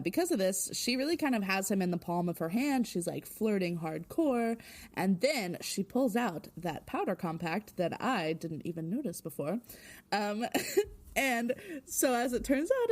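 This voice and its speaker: A woman's voice: medium pitch, big pitch swings, moderate pace. A woman co-hosting a podcast, recapping a TV episode in a casual, giggly, chatty way. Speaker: podcast co-host.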